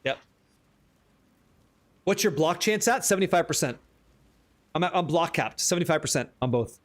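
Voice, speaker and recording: A man streaming a game live, chatting with viewers in an excitable, casual way and swearing freely. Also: a little high, normal speed, long pauses. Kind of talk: live gameplay commentary.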